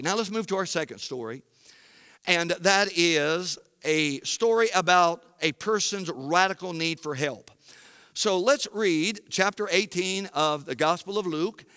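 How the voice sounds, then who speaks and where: A man pastor preaching an emphatic sermon, rising to shouts at key points, in a church sanctuary. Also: sits high, smooth, no echo, clean studio sound, big-room sound.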